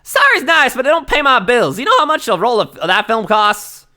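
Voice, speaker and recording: A man's voice: fairly high pitch, big pitch swings, fairly quick, sharp tone. A man voicing a brash, tough Southern woman photographer in a game, with a drawling Southern US accent and a hollering folksy manner. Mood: scolding. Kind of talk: reading game dialogue aloud.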